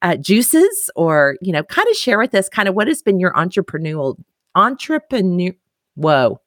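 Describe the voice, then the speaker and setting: A woman's voice: lowish voice, very animated, moderate pace, dry recording, clean studio sound. A woman with a Texas twang hosting a podcast, chatty and enthusiastic in casual interview talk. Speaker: podcast host.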